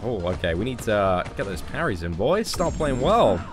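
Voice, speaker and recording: A man's voice: lowish voice, moderate pace, music in the background. Chatty male game streamer. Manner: excitable, laughing, chatty. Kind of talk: casual live stream chat.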